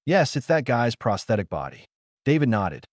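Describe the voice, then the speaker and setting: A man reading an audiobook in a steady scripted narration, lifting his voice slightly for quoted lines. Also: mid-range voice, moderate pace, dry recording, studio quality.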